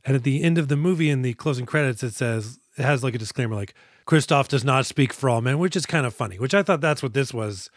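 A man's voice: mid-range voice, animated, quick pace, few pauses, no echo, clean studio sound. A man co-hosting a movie podcast, joking casually, swearing and acting out scenes. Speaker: podcast co-host.

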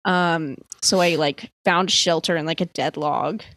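Casting: young woman from the US East Coast, low-pitched, chatty storyteller, laughs and swears, dry close sound. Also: fairly even intonation, unhurried, fairly bright tone, no room sound. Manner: chatty, lots of "like", swears, laughs mid-sentence. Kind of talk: casual storytelling among friends.

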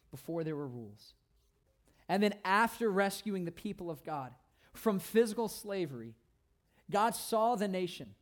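A man with a notably high voice preaches a sermon. He is emphatic and repeats phrases to drive each point home. His delivery swings from loud, ringing declarations to quiet, hushed asides. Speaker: pastor.

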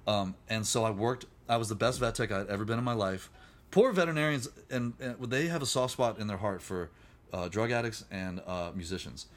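A middle-aged man, a musician guest on a podcast, telling his recovery story candidly and acting out the voices of people he met. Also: fairly low pitch. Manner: rapid, animated, acts out quoted voices.

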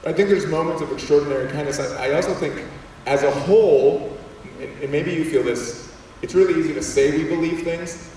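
Guy telling a story to a room of kids, slightly high voice, big echoey hall, mic far off. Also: a little fast, slight background noise. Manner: animated, acts out voices, repeats words. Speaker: speaker addressing students. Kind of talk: storytelling talk to an audience.

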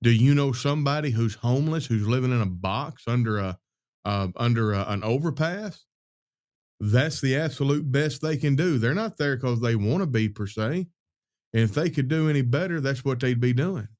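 A man hosting a podcast, talking through scripture in a folksy, conversational preaching style, loud by his own account. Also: medium pitch, lively intonation, moderate pace. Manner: folksy, conversational, calls listeners "y'all" and "buddy". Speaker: podcast host.

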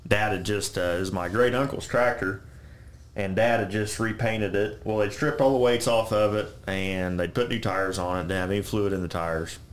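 A man's voice: on the low side, steady tone, normal speed. A man who farms, telling rambling stories in casual chat, with some swearing. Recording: roomy echo.

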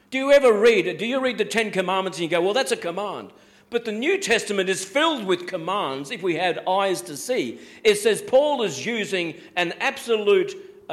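A male pastor preaching a sermon, emphatic, repeating key phrases and slowing down to quote scripture. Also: high voice.

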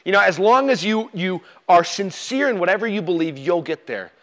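A man with a high voice delivers a sermon as a pastor. He speaks in a relaxed, plain-spoken way, with touches of humor. He often asks his listeners direct questions. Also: brisk.

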